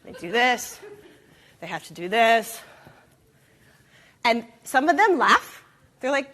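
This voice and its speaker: A woman speaking to an audience from an event stage, with a somewhat higher-pitched voice. She is animated, slips into quick acted-out voices and puts questions to the room. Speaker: expo speaker. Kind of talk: live presentation talk.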